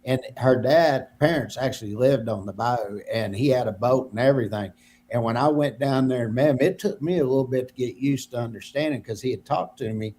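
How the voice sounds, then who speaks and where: A man's voice: mid-range voice, brisk, a little mellow. A man co-hosting a podcast, telling stories in a rambling, repetitive way. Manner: rambling storyteller, repeats himself. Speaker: podcast co-host. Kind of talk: casual podcast chat.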